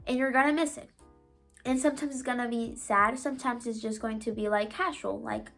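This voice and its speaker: A woman's voice: a little high, steady tone, fairly quick, creaky, fairly bright tone, faint music behind. Earnest young woman vlogger. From Mexico. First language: Spanish. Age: young adult. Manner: earnest, chatty, sprinkles "like" and "you know". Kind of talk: casual advice monologue.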